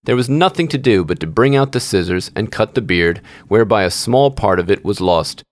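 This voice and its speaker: A man reading a fairy tale aloud as the show's storyteller, steady and measured. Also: on the low side.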